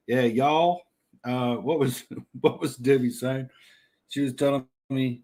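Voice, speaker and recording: A middle-aged Australian man hosts a casual livestream, reading chat and yarning in a laid-back way full of blokey slang and frequent laughs. His voice is medium-pitched, a little mellow, fairly even in intonation, and slow.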